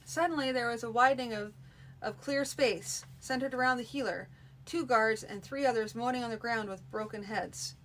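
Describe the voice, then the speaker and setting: A woman reading a fantasy manuscript aloud in a steady, unpolished live-streamed reading. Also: on the high side, moderate pace, a little hiss or hum, low-quality recording. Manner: steady reading with frequent restarts. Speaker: narrator.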